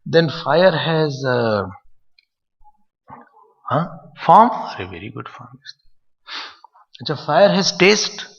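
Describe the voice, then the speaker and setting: Gravelly man lecturing in a hall. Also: on the high side, big pitch swings, slow pace, long pauses. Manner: playful, asks the listeners questions. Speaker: spiritual teacher. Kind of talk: lecture on scripture. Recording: dull lo-fi recording in a reverberant hall.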